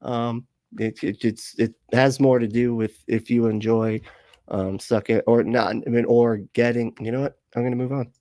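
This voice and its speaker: A man's voice: mid-range voice, steady tone, normal speed, warm tone, no room sound. A man with a Southern US accent hosting a livestream, chatting casually and reading comments, rambling, laughing a lot and swearing freely. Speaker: livestream host.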